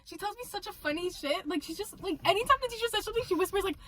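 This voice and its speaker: Very high-pitched giggly teen girl. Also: lively intonation, racing, sharp tone, slight background noise. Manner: giggly, rambling, defensive. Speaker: co-host. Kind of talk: casual chat.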